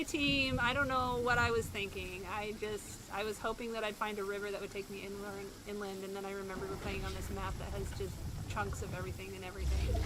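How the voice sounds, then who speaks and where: A woman in her thirties chatting casually while streaming a game, rambling and self-mocking with frequent laughs. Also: medium pitch. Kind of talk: casual gameplay commentary. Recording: game sound noise in the background.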